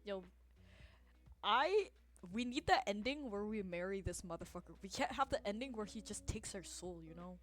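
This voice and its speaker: A young woman streaming a game, reacting with excitable outbursts, swearing and laughing between slow, drawn-out remarks. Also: medium pitch, soft background music. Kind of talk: casual gameplay commentary.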